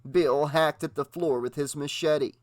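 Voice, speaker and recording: Guy narrating a horror audiobook, dramatic read, kinda high voice, no room echo. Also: steady tone, measured pace.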